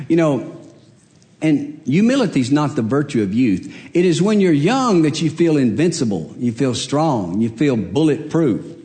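A man's voice: fairly high pitch, very animated, normal speed, mellow, big-room sound. An older man, preaching a sermon in a church and telling stories about himself in a humorous, self-deprecating way. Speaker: pastor. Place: church sanctuary.

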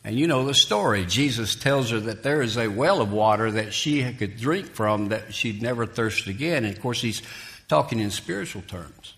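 A man with a fairly low voice preaches a sermon at a moderate pace, emphatic and dramatic, voicing the people in the story as he retells it. His preaching is lively and rises loud for quoted lines.

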